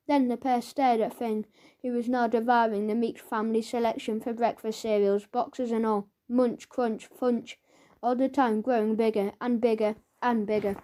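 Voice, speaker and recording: A woman's voice: on the high side, little pitch movement, moderate pace, mellow. A woman narrating a children's audiobook in a playful way, reading sound effects aloud.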